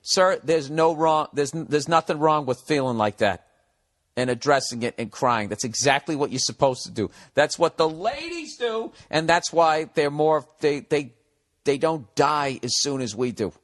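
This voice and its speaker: A man's voice: a little high, moderate pace, a bit bright. A middle-aged man ranting on a comedy podcast, profane and sarcastic as he reads and answers a listener's letter. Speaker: podcast host.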